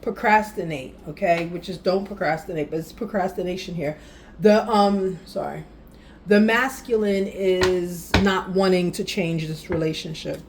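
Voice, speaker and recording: A woman giving a casual tarot reading, animated and speaking directly to the viewer with frequent affirmations. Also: fairly low pitch, a little slow, slight background noise. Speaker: tarot reader.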